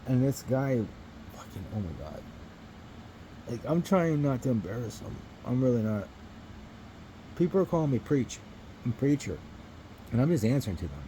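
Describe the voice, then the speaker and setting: A man's voice: mid-range voice, big pitch swings, normal speed, pauses often, dark tone, slight background noise, poor audio. A man vlogging to his phone camera, telling a rambling story in a casual, profane way and chuckling between remarks.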